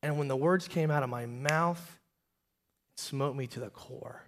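A man in his thirties preaching a sermon as pastor, telling a personal story and moving between loud emphatic peaks and quiet, hushed confession. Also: medium pitch, unhurried, slight background noise.

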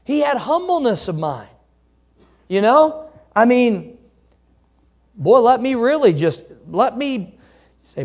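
A man preaching a sermon in a noticeably high voice. He talks in a folksy, animated way, teasing himself and acting out the people in his stories. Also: measured pace, long pauses. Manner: animated, folksy, laughs at himself, acts out shouting drivers. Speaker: pastor.

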